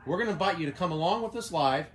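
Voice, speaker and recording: A man on a live shopping stream, his voice a little high for a man, making an upbeat announcement. He repeats himself and addresses viewers directly as "guys". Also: expressive, rapid-fire.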